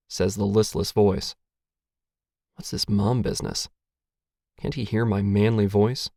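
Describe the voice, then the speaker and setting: A man reads a first-person short story in a low, gravelly voice. He takes his time, with a dry, wry, self-mocking tone. The recording is close and dry, with no room sound. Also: little pitch movement, measured pace, pauses often, a little mellow, dry recording. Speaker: narrator.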